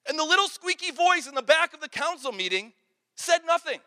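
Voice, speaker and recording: A man's voice: extremely high pitch, sing-song, a little fast, pushed and bright. A man preaching a sermon in an earnest, storytelling way, repeating words when he gets going. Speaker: pastor. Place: large hall with an audience. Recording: long hall reverb.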